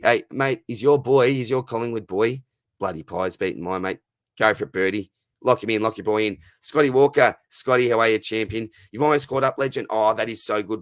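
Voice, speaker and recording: A man in his thirties with an Australian accent, hosting a casual live Q&A, friendly and matey, his voice going hoarse. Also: fairly low pitch, no room sound. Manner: matey and friendly, calls viewers mate and brother. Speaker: livestream host answering fantasy football questions.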